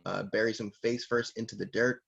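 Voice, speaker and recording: A man co-hosting a casual chat, animated, laughing often and swearing casually. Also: on the low side, a little fast, gravelly, muffled recording. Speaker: co-host.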